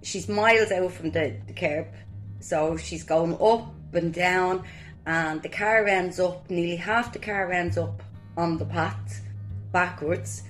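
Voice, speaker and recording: Irish woman telling funny stories, kinda low voice, soft guitar behind. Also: slow pace. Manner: lively anecdotal storytelling, colloquial. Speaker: guest sharing memories of a cousin. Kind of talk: personal tribute, storytelling.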